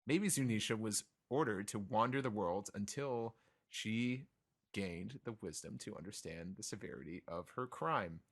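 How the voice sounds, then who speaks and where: A man's voice: fairly low pitch, normal speed, vocal fry, husky. A man hosting a podcast, chatting casually and reading listener mail with many fillers and restarts.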